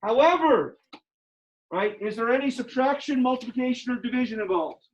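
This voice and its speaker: A man's voice: extremely high pitch, animated, a little fast. A man teaching a math class in a lecture style, emphatic, repeating his questions to the students, a little out of breath behind a face mask. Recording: dull lo-fi classroom audio.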